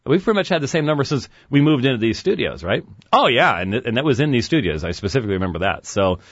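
A man's voice: mid-range voice, breathy edge, no echo. Sarcastic male webcast host. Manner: sarcastic, lively, quick asides and chuckles. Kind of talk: casual monologue with sarcastic asides. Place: studio. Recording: dull dry studio sound.

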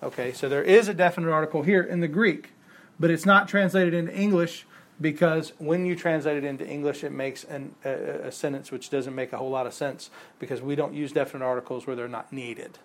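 A man's voice: fairly high pitch, fairly even intonation, fairly quick. A man teaching a Bible class, explaining patiently, repeating key points and quizzing his students, with the odd chuckle at his own examples. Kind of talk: classroom lecture.

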